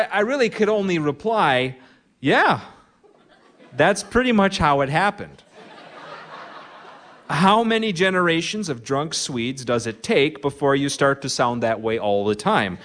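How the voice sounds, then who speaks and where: A man's voice: medium pitch, a bit bright. A man with a Minnesota accent hosting a live radio show from a barn, telling dry, wry humorous stories full of small asides and fillers.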